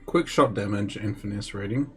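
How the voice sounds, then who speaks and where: A man's voice: lowish voice, normal speed, fairly bright tone, faint music behind. A man streaming a game live, chatting casually with viewers between moves and chuckling now and then. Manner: chatty, chuckles, talks to viewers while playing.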